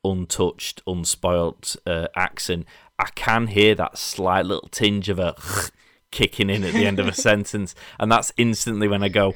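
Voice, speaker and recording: A man's voice: lowish voice, fairly even intonation, normal speed, fairly bright tone, dry recording. A man with a Yorkshire accent hosting a casual business podcast, chatty and rambling, laughing often. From Leeds, England. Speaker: podcast host. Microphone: remote online call.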